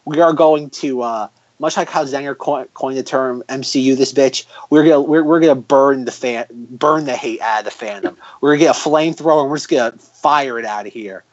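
Guy hosting a podcast, excitable, keeps repeating himself, dry mic. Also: mid-range voice, brisk, few pauses, dry recording, highs cut off. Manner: animated, exclaims and repeats himself. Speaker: podcast host. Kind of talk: casual chat.

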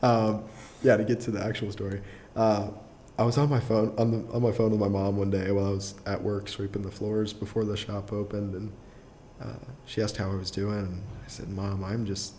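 A young adult man, a podcast guest, telling a personal story in a casual, rambling way full of fillers and quick chuckles. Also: on the low side, little pitch movement, mellow, a little hiss or hum. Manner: rambling, filler-heavy, restarts often, chuckles through his story.

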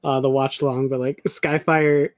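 A podcast co-host in casual chat, tossing in jokes and quick asides. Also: mid-range voice, level tone, no echo, clean studio sound.

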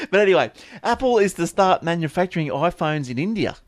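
A man's voice: sits high, sing-song, fairly quick, dry recording. Jokey man, dry close sound. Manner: jokey, laughs often, reads news aloud. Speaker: podcast co-host. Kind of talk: casual tech chat.

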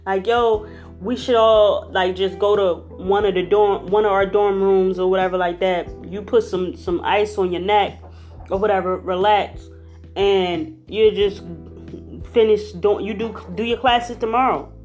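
A young woman telling a personal story in a lively, conversational, slangy way. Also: medium pitch, unhurried, soft background music. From Philadelphia.

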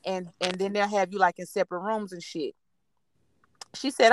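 A woman's voice: medium pitch, fairly even intonation, moderate pace, long pauses. A woman in her twenties, a podcast host, telling stories in casual chat, blunt and profane, acting out what others said. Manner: profane, blunt, vents with quoted dialogue.

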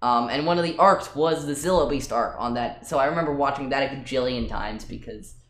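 In a room with a roomy echo, a male podcast co-host chats casually in a mid-range, slightly bright voice at a somewhat quick pace. He hesitates often, with plenty of ums and restarts.

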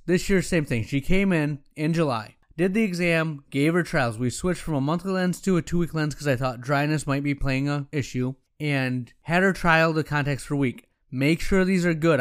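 A man's voice: a little high, clean tone. A man who runs an optometry practice telling a story in a frank, conversational way, quoting himself and others as he goes. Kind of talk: casual storytelling talk.

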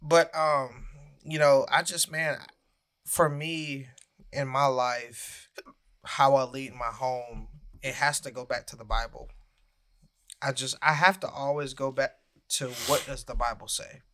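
Bright-voiced man, earnest podcast co-host. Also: medium pitch, steady tone, unhurried. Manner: earnest, laughs while hiccuping. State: hiccups. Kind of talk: casual podcast chat, reading a confession aloud.

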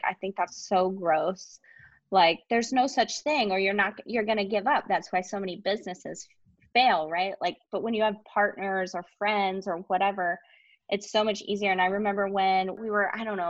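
A woman in her thirties telling a personal story as a podcast guest, animated, with lots of filler words. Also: medium pitch, no echo, dull audio. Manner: animated, many "like" fillers, laughs often. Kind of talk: storytelling in casual interview.

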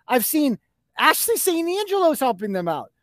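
A man's voice: very high voice, big pitch swings, normal speed, fairly bright tone, dry recording. A man hosting a podcast, ranting in a profane, combative and mocking way. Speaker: host. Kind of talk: heated podcast rant.

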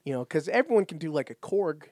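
A man with a somewhat high voice chats casually on a podcast. He often repeats words as he starts a thought and laughs easily. The sound is close and dry. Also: big pitch swings, racing, a little mellow, no room sound. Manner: stammering restarts, laughs easily. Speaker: podcast co-host. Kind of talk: casual recap chat.

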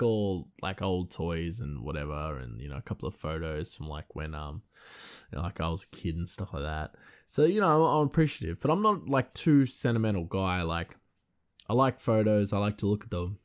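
A young man with a lowish voice tells a loose, chatty anecdote. He wanders off on tangents, stacks up fillers, and breaks into laughter often. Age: young adult. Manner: rambling, laughs a lot, many fillers. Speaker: storyteller. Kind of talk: casual anecdote.

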